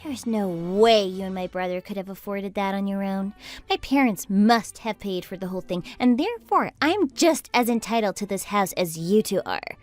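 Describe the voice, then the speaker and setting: A woman voicing an entitled, demanding young sister-in-law who yells and bosses people around. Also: lively intonation, moderate pace, faint music behind, natural voice. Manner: demanding, shrill, yelling. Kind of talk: texting-story voice acting.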